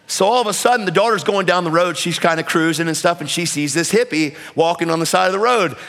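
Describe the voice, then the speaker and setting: A man preaching a storytelling sermon, animated and breaking into shouts when he exhorts. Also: high voice, quick pace. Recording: reverberant hall.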